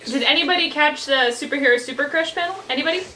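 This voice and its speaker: A woman's voice: high voice, quick pace, sharp tone, slight background noise, rough recording. A woman in casual panel chat, chattily recounting a panel she saw. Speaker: panel member.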